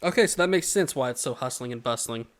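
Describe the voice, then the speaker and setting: A man's voice: medium pitch, expressive, fast, fairly bright tone. Joking young man podcast co-host. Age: 20s. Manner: joking, rambling storyteller. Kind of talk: casual chat.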